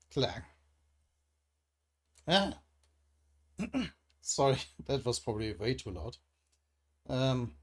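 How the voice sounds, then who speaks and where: A man's voice: mid-range voice, slightly rough. A man reading a comic aloud and commenting as he goes, musing and hesitant, with frequent restarts. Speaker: comic readthrough host.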